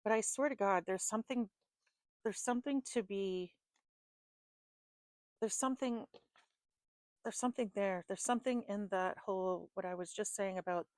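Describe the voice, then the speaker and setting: A woman's voice: mid-range voice, moderate pace, pauses often, no echo. Exasperated woman reading cards, close dry mic. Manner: exasperated, swears often, laughs in frustration. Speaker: tarot reader. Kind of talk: casual spiritual reading.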